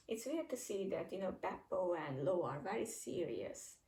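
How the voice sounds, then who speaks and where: A woman's voice: medium pitch, measured pace, dark tone, reverberant, distant mic, rough recording. A woman reading a manga chapter aloud and chatting casually about what happens, voicing the dialogue with mild changes of voice. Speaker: manga reaction reader.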